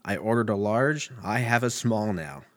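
Profane, rambling man with a lowish voice. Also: expressive, normal speed. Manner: profane, laughs often, goes off on tangents. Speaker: comedian. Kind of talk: rambling comedic rant.

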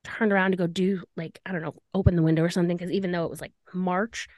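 A woman's voice: lowish voice, quick pace, no echo, studio quality. Chatty young woman telling a story. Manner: animated, acts out dialogue in quotes. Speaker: podcast host. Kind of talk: casual storytelling chat.

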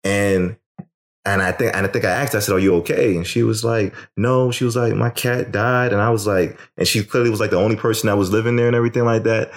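A man's voice: on the low side, steady tone, fast. A man co-hosting a podcast, telling a story in casual chat and swearing freely. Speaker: podcast co-host.

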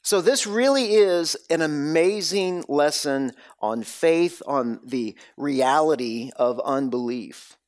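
A man preaching a sermon, telling the story with dramatic swings between loud bursts and hushed, low lines. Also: expressive, slow pace, hardly any pauses. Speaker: pastor.

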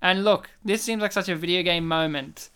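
Smooth-voiced joking podcast co-host. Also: mid-range voice, normal speed, sharp tone. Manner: joking, profane, teasing. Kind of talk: casual chat.

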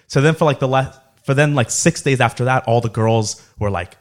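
Young guy from south florida telling a wild night-out story, swearing a lot, lively. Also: medium pitch, fairly quick, hardly any pauses. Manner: profane, animated anecdote telling with acted quotes. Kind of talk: casual storytelling chat.

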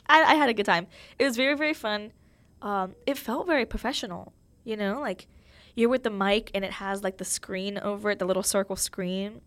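A woman's voice: mid-range voice, fairly quick, fairly bright tone, no echo. A young woman hosting her own podcast in a casual, chatty way, full of fillers and self-mocking humor. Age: young adult. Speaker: podcast host. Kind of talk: casual solo podcast chat.

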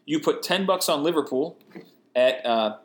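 A man co-hosting a casual sports podcast, chatty and quick to laugh as he rattles off lists of players and numbers. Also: on the high side, expressive. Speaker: podcast co-host.

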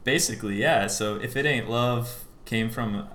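A man, a musician guest on a podcast, telling the story behind his song in a relaxed way, full of fillers. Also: medium pitch, unhurried, roomy sound, slight background noise. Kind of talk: casual podcast interview.

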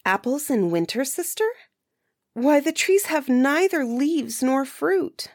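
A woman voicing a poor, gentle young stepdaughter in a storybook, pleading and plaintive. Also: medium pitch, lively intonation, normal speed, dry recording, clean studio sound, close to an everyday voice.

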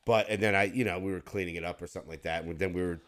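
A man's voice: low voice, steady tone, racing, fairly bright tone. A man co-hosting a podcast in casual chat, a rambling storyteller who laughs and curses freely. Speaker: podcast co-host.

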